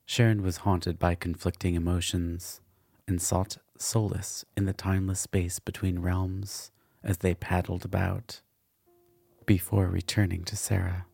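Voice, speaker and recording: Deep, gravelly male storyteller. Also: dark tone, dry recording. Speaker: narrator. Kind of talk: dark fantasy story reading.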